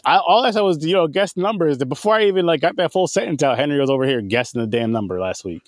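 Loose, swearing podcast host, dry sound. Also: male voice, on the high side, fast talker, dry recording. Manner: animated, swears freely, rambling asides. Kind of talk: casual chat.

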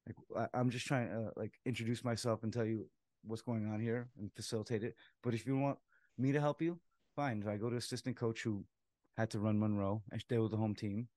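A man, a softball umpire and co-host, telling a story in casual chat, laughing as he acts out what people said. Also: lowish voice, brisk, no echo, clean studio sound. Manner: animated storyteller, laughs while acting out quotes.

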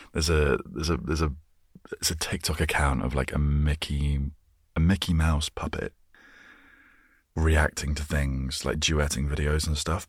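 A man with a remarkably low voice drifts from thought to thought in relaxed, soft-spoken chat. The sound is dry and close. His easygoing delivery is meant to help listeners unwind. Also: no echo. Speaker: host.

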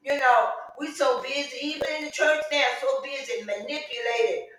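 A middle-aged woman teaching Sunday school with a bright, ringing voice, preaching with fervour and slipping into chatty stories. She swings up to emphatic shouts. She is picked up from far off in a very echoey church. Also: sits high, normal speed, a little hiss or hum. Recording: echoey room, mic far off.

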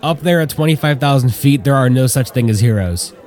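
A man's voice: medium pitch, lively intonation, fairly quick, darkish tone, pitched above the performer's own voice, close to an everyday voice. A man voicing a sarcastic, bitter male bomber officer. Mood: dismissive. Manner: sarcastic, sardonic.

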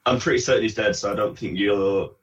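A man's voice: on the low side, fast, lo-fi sound, noisy background. A man as a podcast guest in casual chat, telling amused anecdotes.

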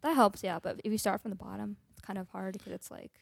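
A woman's voice: mid-range voice, fairly even intonation, fast, gravelly, husky, no room sound, studio quality. Hesitant young woman in casual chat. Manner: hesitant, hedging with filler words. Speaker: podcast co-host.

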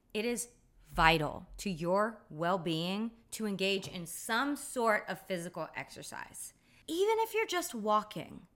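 A woman's voice: medium pitch, a bit bright. A woman hosting a podcast, telling wry, profane stories in a blunt, casual monologue. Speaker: podcast host.

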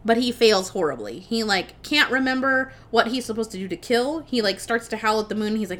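A woman's voice: fairly high pitch, brisk, few pauses. A young adult woman co-hosting a podcast, casually recapping a movie plot with lots of swearing and laughter. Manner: animated, swears freely, laughs while retelling. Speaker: podcast co-host.

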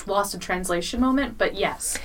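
A woman's voice: medium pitch, normal speed, a little hiss or hum. A woman co-host listening to a story and chiming in with short, dry remarks in casual podcast chat.

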